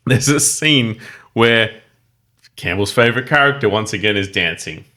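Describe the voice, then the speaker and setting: Guy with a bright forceful voice, lowish pitch, chuckles through his notes, casual podcast chat. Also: expressive, normal speed. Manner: laughs often, good-humoured. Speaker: podcast co-host.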